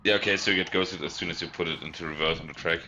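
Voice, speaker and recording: A man chatting excitably with friends during an online race, laughing and shouting at crashes. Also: deep voice, racing, muffled recording, a little hiss or hum. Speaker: gaming guest. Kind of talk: casual gaming chat.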